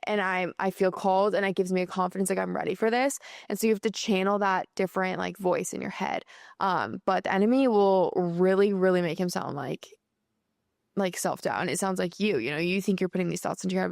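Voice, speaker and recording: A young woman in her twenties hosts a podcast, speaking casually yet earnestly about faith and mindset with lots of filler words. Her voice is on the low side with vocal fry, a little fast, in a dry recording with clean studio sound.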